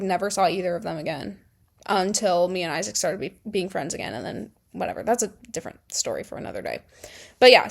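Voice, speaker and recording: A young woman telling a high school story to camera in a rambling, sarcastic way, full of "like" and laughing often. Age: young adult. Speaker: vlogger. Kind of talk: casual storytime chat.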